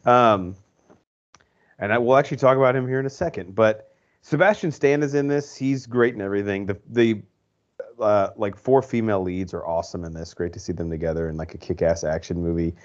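On this dull, lo-fi podcast recording, a male co-host with a lowish voice talks briskly. He meanders through opinionated film takes in a relaxed conversation packed with fillers.

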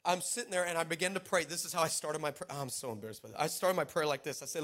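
A man preaching a lively sermon at a church service, telling stories with laughter and building to shouted exhortation. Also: fairly high pitch, racing, hardly any pauses. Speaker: pastor. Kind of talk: sermon with storytelling.

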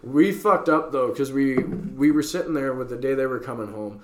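A man's voice: mid-range voice, moderate pace, slight background noise. A young man from western Canada, casually telling a rowdy story on a podcast, swearing freely and laughing as he goes. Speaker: podcast co-host. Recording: echoey room.

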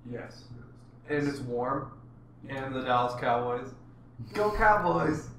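A man's voice: mid-range voice, level tone, takes it slowly, a bit bright, a little hiss or hum. A young man hosting a podcast, chatting casually and playfully reading out quiz questions. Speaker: podcast host. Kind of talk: casual chat. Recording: echoey room, a bit off-mic.

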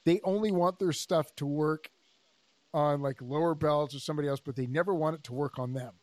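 A man co-hosting a podcast as a jiu-jitsu instructor, telling stories in a casual, animated way and acting out the people he quotes. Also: fairly high pitch, fairly quick, no room sound. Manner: animated storyteller, acts out quoted dialogue.

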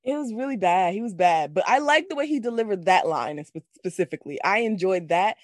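A woman co-hosting a relaxed movie talk, laughing often and cursing freely. Her pitch jumps around with a lively, animated swing. The sound is dry and close, with no room around it. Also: a little fast, no room sound. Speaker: podcast co-host. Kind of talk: casual movie review chat.

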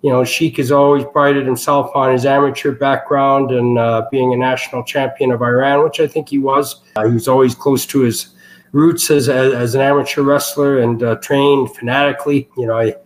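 A man's voice: mid-range voice, level tone, moderate pace, rough recording. Rambling male storyteller with faint hiss. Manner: rambling, many fillers and restarts. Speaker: guest, wrestling family member. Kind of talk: casual storytelling interview.

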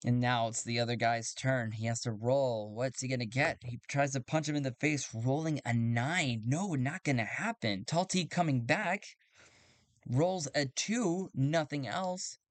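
Game master man, mid pitch, dry close sound, casual self-correcting narration. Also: unhurried, no echo. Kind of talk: narrating a solo tabletop game.

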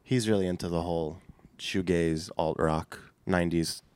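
A man's voice: deep voice, fairly even intonation, moderate pace, darkish tone, smooth, no echo. A young man, a band frontman guesting on a podcast, chatting casually and rambling with lots of fillers. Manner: laid-back, rambling with many fillers. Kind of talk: casual chat.

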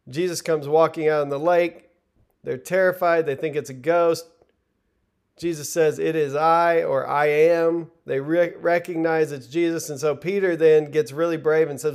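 Gravelly man preaching a sermon. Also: on the high side, steady tone, moderate pace, a little mellow. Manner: earnest, conversational, with filler restarts.

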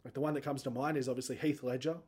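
A man's voice: medium pitch, steady tone, rapid-fire, a little mellow. A man in his thirties hosting a solo podcast, rambling and self-mocking, his voice cracking upward when he gets emotional. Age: 30s. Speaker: podcast host.

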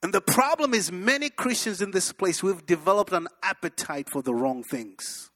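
A man preaching a sermon in church, telling stories with animated energy and shouting at the peaks. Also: sits high, moderate pace. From abroad, moved to the US in 1998. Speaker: pastor.

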